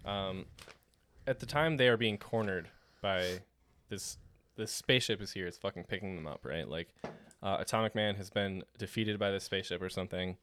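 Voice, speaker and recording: A man co-hosting a comedy podcast, retelling a comic with excitable, profane enthusiasm. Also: sits low, moderate pace. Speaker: podcast co-host. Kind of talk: casual comedic chat.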